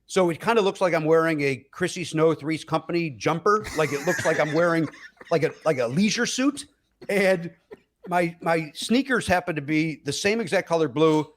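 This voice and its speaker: A middle-aged comedian man spins animated stories on a talk show. His voice sits a touch high, and he jumps into exaggerated voices for the people in his tales. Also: normal speed. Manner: acts out other people's voices, with many fillers and laughs. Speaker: comedian guest. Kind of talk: animated comic storytelling.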